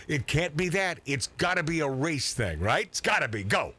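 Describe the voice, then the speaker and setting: A man hosting an irreverent political talk radio show, loud and mocking, interrupting often with many fillers. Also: fairly high pitch, big pitch swings, normal speed, hardly any pauses, breathy edge.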